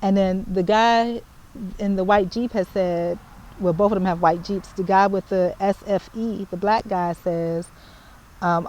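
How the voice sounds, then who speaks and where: A woman, telling a story to the camera in casual chat, animated and repeating herself as she spells out details. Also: medium pitch, a little slow, lo-fi sound. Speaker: vlogger.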